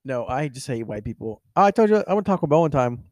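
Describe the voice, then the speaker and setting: A man's voice: mid-range voice, sing-song, fast, darkish tone, no echo, studio quality. A young man hosting a casual podcast, joking and swearing freely, laughing often. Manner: joking, profane, laughs often, breaks into silly impressions. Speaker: podcast host.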